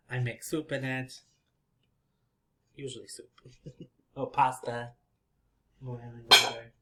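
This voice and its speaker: Patient male language teacher, very slow and clear, repeats each word, soft chuckles. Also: medium pitch. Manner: patient, repeats words slowly, soft laughs. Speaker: English teacher. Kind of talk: slow, simple language lesson.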